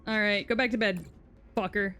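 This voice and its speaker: A woman's voice: mid-range voice, fairly even intonation, normal speed, sharp tone, soft background music. A young woman streaming live, chatting casually while she plays. She sounds exasperated, swearing and blurting out frustrated outbursts.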